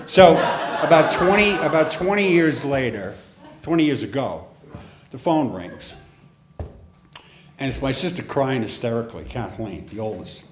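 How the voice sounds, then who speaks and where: A man's voice: mid-range voice, a little slow, slight background noise. Wry middle-aged man telling a story. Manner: wry, conversational, deadpan asides. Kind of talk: live personal storytelling. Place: theater stage. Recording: echoey theater room with faint ambience.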